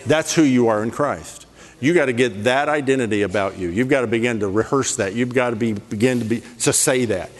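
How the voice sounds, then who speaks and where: A man preaching a sermon in a lively, playful way, rattling off scripture references. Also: mid-range voice, fairly quick. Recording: long hall reverb.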